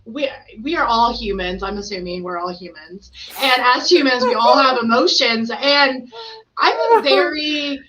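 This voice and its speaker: A woman host in casual podcast chat, animated, laughing often and acting out what others said. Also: fairly high pitch, a little slow, low-quality recording.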